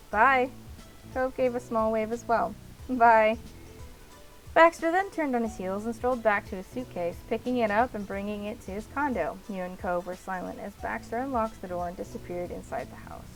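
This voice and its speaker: A woman's voice: mid-range voice, fairly quick, hardly any pauses, faint music behind, poor audio. A woman reading a visual novel aloud as a let's play narrator, in the second person.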